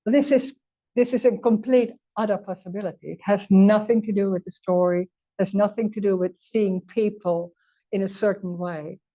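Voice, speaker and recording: Earnest woman teacher, mellow voice. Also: mid-range voice, steady tone, moderate pace. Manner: earnest, emphatic, non-native phrasing. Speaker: spiritual teacher. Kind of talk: teaching in conversation. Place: meeting room.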